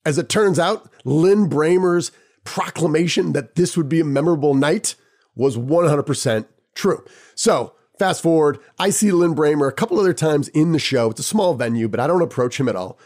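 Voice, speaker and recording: A podcast host telling a personal anecdote in a lively, casual way, chuckling now and then. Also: male voice, a little high, moderate pace. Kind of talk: personal storytelling.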